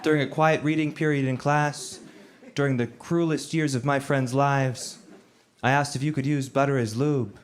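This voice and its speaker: Man doing a whiny high teenage boy. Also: steady tone, close to an everyday voice. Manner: whiny, plaintive, rushed. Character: earnest, mortified teenage boy. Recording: loud background noise.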